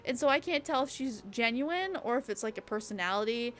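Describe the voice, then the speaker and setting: A woman's voice: on the high side, expressive, a little fast, a bit bright, soft background music. A young woman streaming a casual late-night chat, rambling and chatty, peppering her talk with "like" and the odd swear word. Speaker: VTuber streamer.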